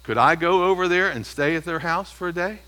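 A pastor with a high, bright, forceful voice preaches an expository sermon at a brisk clip, teaching emphatically and stressing single words. He often puts questions to the congregation, though the audio quality is poor.

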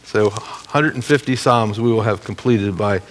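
A middle-aged man teaching a Bible lesson to a congregation, explaining the text in a measured, guiding way. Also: fairly low pitch, a little hiss or hum. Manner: measured, explanatory, guides listeners through the text.

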